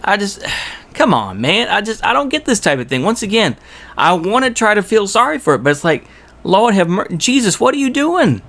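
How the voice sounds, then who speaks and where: A man's voice: high voice, big pitch swings, moderate pace, fairly bright tone. A man giving rambling reaction commentary on a video, exasperated and full of rhetorical asides.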